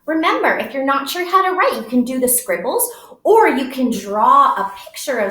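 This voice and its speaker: A woman teaching young children, speaking slowly in an exaggerated, sing-song teacher voice during make-believe play. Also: fairly high pitch, sing-song, a bit bright, reverberant. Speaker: preschool teacher.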